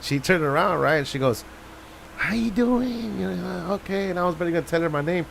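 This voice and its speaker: A Texan man with a bright, forceful voice, pitched a little high for a man, spins a lively story on the radio. He imitates everyone he talks about and switches into Spanish now and then. A faint hum sits under his voice. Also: very fast, gravelly. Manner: animated storyteller, mimics people, mixes in Spanish phrases. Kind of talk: casual storytelling chat. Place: radio studio.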